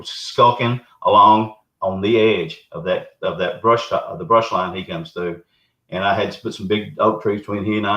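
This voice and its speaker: Deep-voiced Southern man telling a folksy story. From Arkansas, US. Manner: folksy, rambling, animated retelling. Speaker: guest, Bigfoot researcher. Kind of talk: casual storytelling. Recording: roomy, dull lo-fi remote audio.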